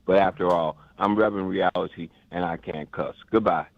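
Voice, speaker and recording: A man's voice: deep voice, steady tone, a little fast, gravelly. An older man from the Chicago area calling in to a radio show, emotional and rambling, stammering and repeating himself. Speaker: caller. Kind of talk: impassioned call-in rant. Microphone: phone. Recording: dull phone line.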